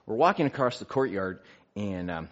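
A man telling a personal story in an animated way, acting out the quotes. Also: lowish voice, moderate pace. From United States. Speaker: speaker sharing a faith story. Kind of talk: storytelling talk. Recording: dull lo-fi recording.

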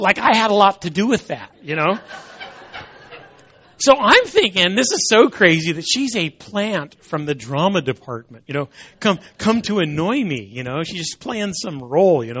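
Animated man telling a funny story. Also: high-pitched, normal speed, slightly rough. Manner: animated, repeats words as he goes. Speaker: Christian apologist speaker. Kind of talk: humorous storytelling talk. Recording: dull lo-fi recording.

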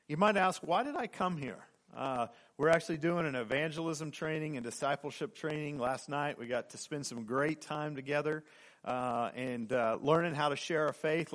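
A man in his forties from Oklahoma, a guest preacher giving a sermon and telling a story, halting with fillers and restarts. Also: a little high, fairly bright tone.

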